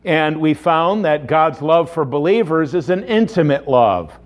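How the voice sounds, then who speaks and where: A man delivers a sermon in an unhurried, measured way. His voice sits somewhat high for a man, and he leans on emphatic rhetorical questions. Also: expressive. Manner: earnest preaching with rhetorical questions. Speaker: pastor.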